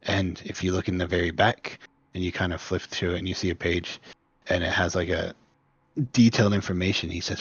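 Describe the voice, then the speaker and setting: A man's voice: sits low, level tone, a little fast, a bit bright, husky, no room sound, muffled recording. A man narrating as game master of a tabletop game, laid-back and rambling.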